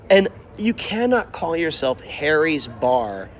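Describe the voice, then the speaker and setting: A young man casually telling a travel story while walking outside, animated and exasperated, acting out quotes. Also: on the high side. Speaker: streamer. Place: outdoors, walking. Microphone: mobile mic while walking.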